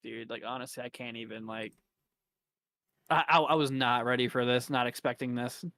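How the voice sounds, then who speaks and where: A man's voice: medium pitch, moderate pace, slight background noise. A young man co-hosting a live storm stream, talking casually with frequent restarts. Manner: relaxed, hesitant, repeats words. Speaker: storm chaser co-host. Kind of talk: casual chat while covering storms live.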